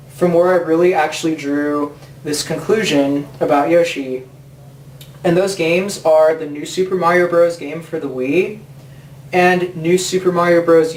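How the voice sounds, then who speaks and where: A man hosting a gaming video, ranting with heavy swearing and sarcastic put-on voices. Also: a little high. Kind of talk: profane rant. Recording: echoey room from far off, faint noise.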